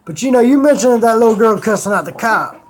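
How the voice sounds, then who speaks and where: A man's voice: high voice, expressive, a little fast. A man streamer telling rambling stories in casual chat, swearing freely.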